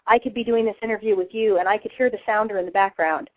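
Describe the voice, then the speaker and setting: A woman's voice: mid-range voice, fast, dry recording. A woman hosting a casual radio interview, a chatty storyteller who laughs often. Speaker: host. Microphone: phone. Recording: tinny phone line, dry.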